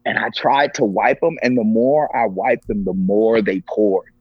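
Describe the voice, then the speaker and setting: A man's voice: fairly low pitch, fairly even intonation, unhurried, slightly rough, no echo. A man sharing a personal story as a podcast guest, earnest and emotional. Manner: earnest, emotional, acts out quoted voices. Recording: dull lo-fi, dry.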